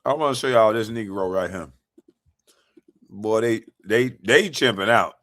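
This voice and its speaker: A man's voice: on the low side, unhurried, fairly bright tone, dry recording. A man hosting a live stream, giving loose, laughing, ranting commentary.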